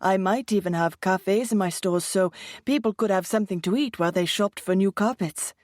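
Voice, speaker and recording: A woman's voice: medium pitch, moderate pace, no room sound, clean studio sound, close to an everyday voice. A woman voicing an enthusiastic, romantic young man newly married. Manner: enthusiastic, warm storytelling. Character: young Indian man, eager, romantic groom.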